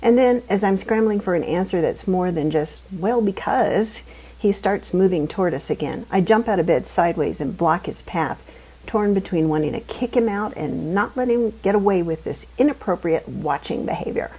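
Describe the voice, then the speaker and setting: A woman reading a first-person novel aloud in a wry, deadpan, humorous way. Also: fairly low pitch, normal speed, husky, poor audio. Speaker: audiobook narrator. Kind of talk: first-person scripted narration.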